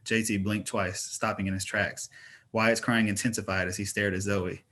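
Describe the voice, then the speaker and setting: Brief: male narrator, fantasy audiobook, steady even read. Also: on the low side, moderate pace. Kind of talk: audiobook reading of fantasy fiction.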